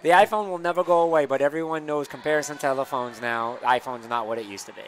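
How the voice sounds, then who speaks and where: A man's voice: mid-range voice, quick pace, a little hiss or hum. A man from Massachusetts co-hosting a gaming live stream, chatting casually and giving opinions with lots of fillers.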